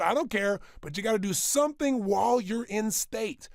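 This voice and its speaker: Speaking at a high pitch with no echo, a motivational speaker leads a workshop in a studio with a small audience, emphatic, repeating phrases and shooting out rhetorical questions one after another.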